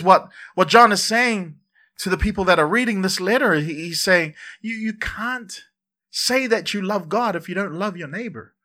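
Bright-voiced man preaching a lively sermon. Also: sits high. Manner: lively, conversational preaching with repeated words and asides. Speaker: pastor.

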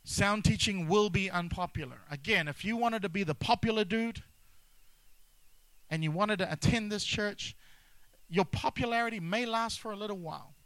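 A man's voice: high-pitched, moderate pace, long pauses, fairly bright tone, dry recording, low-quality recording. A man preaching a sermon as pastor, emphatic, repeating key phrases and mixing humor with intensity.

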